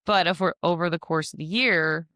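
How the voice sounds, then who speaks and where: Low, smooth-voiced woman podcast host. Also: brisk, bright, forceful tone, no room sound, clean studio sound. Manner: chatty, frequent "like" fillers, laughs at herself. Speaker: podcast host and business mentor. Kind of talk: casual instructional podcast.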